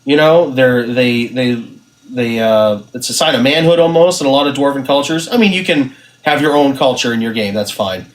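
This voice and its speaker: A man's voice: medium pitch, normal speed. A man co-hosting a podcast about running tabletop games, chatting in an encouraging way and saying "you know" a lot. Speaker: podcast co-host, game master. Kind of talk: casual podcast chat.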